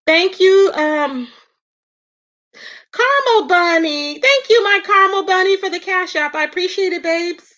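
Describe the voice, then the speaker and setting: A woman hosting a livestream, chatting casually with viewers, gossipy and animated, thanking them by name and laughing often. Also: very high-pitched, unhurried, highs cut off. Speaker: livestream host.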